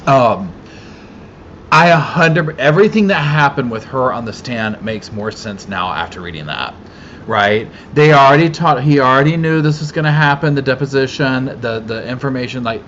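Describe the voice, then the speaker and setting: A chatty man with a Southern accent hosts a casual livestream, calling out viewers by name and laughing easily. His voice swings widely up and down in pitch. The audio is a bit dull and lo-fi, with a faint hiss underneath. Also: a bit bright. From Carolinas, US South. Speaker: livestream host. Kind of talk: casual live-chat livestream.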